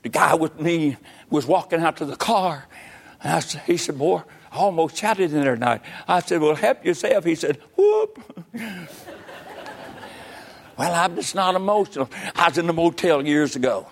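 An older man, preaching a sermon with folksy stories and sudden loud outbursts. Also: a little high, normal speed, gravelly. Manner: folksy storytelling, bursts into loud exclamations.

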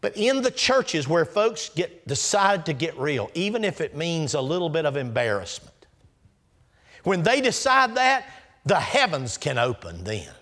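A man, preaching a sermon. He swings between loud rising exclamations and low hushed asides and acts out scripture dialogue in a folksy way. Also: sing-song, measured pace.

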